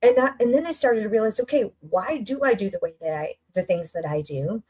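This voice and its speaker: A middle-aged woman coach giving an energetic, conversational motivational talk, full of rhetorical questions and repetition. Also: mid-range voice, a little fast, slightly rough.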